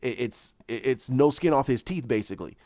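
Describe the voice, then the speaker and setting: A man casually retelling his own story idea, rambling and animated as he goes. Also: medium pitch, a little fast, no echo. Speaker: fan pitching a film plot. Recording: dull lo-fi dry mic.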